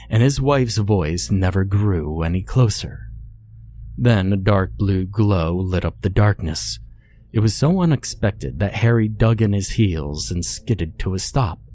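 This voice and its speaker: A man narrating a scripted horror story in a measured, ominous way. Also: low-pitched, warm tone.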